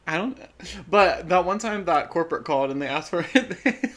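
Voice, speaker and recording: A man's voice: fairly high pitch, lively intonation, fairly bright tone. A man hosting a podcast in casual chat, campy and chatty, telling stories with plenty of slang. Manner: chatty and campy, quick to laugh. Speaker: podcast host.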